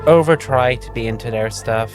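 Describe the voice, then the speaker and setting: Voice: mid-range voice, normal speed, music in the background. A streamer chatting casually with a friend during a game playthrough. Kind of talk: casual let's-play chat.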